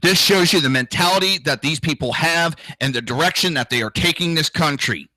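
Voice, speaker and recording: A man's voice: a little high, brisk, bright, forceful tone, no room sound, rough recording. A man hosting a political talk show, ranting crudely and indignantly, with profanity and mocking impressions of others. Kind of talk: ranting solo commentary.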